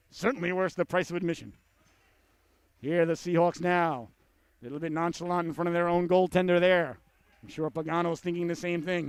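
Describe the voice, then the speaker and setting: A man calling a youth hockey game play by play, folksy and joking with the listeners, bursting into excited shouts on big chances. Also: high-pitched, smooth, no room sound. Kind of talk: sports commentary.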